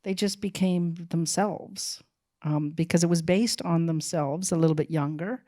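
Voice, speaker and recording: A middle-aged woman, a film director as guest, talking in a halting, musing way with many restarts. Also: fairly low pitch, warm tone. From Canada. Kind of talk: casual interview talk.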